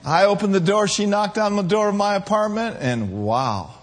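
A man from Minneapolis preaching a sermon, playful and animated, sometimes rising to shouts. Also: high voice, moderate pace. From Minneapolis, USA.

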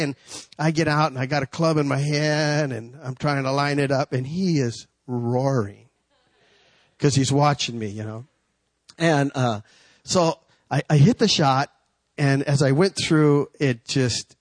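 A man preaching a sermon, rising to high, drawn-out shouts and dropping into a low, chatty story. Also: no room sound.

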